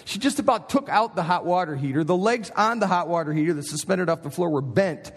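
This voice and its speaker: A man's voice: high voice, lively intonation, fairly quick, breathy edge. A middle-aged male pastor preaching in a college chapel, telling a story with animation and checking in with listeners. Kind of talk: sermon. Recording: long chapel reverb.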